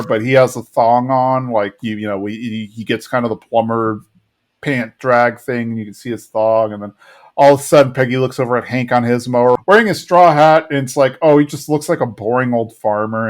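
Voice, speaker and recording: A man co-hosting a podcast, casually recapping an episode and rambling, sometimes acting out characters' lines. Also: mid-range voice. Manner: rambling, acts out lines in funny voices. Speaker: podcast co-host.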